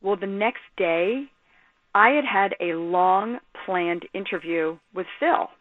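A woman sports journalist, a guest telling stories on a radio show in an animated, emphatic way. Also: medium pitch, slow pace. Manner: animated storyteller, lively and emphatic. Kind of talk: phone-in radio interview. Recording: tinny phone line.

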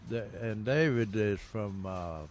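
A man's voice: lowish voice, slow pace, a little hiss or hum. An older man co-hosting a gardening radio show, telling rambling stories with lots of fillers and chuckles. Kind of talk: casual radio chat.

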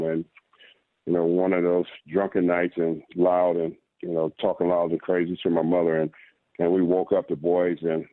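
A man with a very deep voice tells his personal testimony as a radio guest, earnest and repeating words as he goes. He is heard over a narrow phone line with no room sound. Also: no echo. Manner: earnest, repeats words while telling a story. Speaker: guest author.

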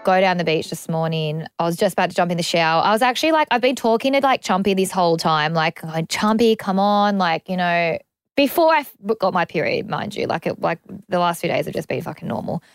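A woman's voice: on the low side, animated, fast talker, clean tone, dry recording. A young Australian woman hosting a podcast, chatting candidly and rambling with lots of "like" and casual swearing. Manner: rambling, frequent "like", swears freely. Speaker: podcast host.

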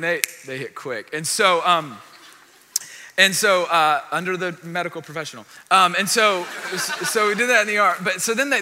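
A young man preaching a sermon, telling a personal story in an animated, self-deprecating way with asides to the congregation. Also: fairly high pitch, slight background noise. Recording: long hall reverb.

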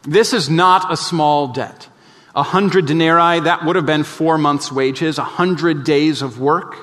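Earnest preacher with a hall echo. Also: male voice, a little slow. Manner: earnest, emphatic, drops soft and low for key points. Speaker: pastor. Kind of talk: sermon. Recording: long reverb of a large hall.

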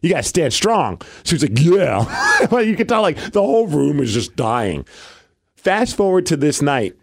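A man co-hosting a podcast, telling wrestling stories in casual chat, animated and laughing as he talks. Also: a little high, moderate pace, gravelly, no room sound, clean studio sound.

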